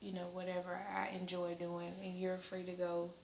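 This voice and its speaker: A woman in her thirties, a wife in casual couple chat, speaking softly and calmly and laughing often. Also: on the low side, normal speed. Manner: soft-spoken, calm, laughs often. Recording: echoey room with faint noise.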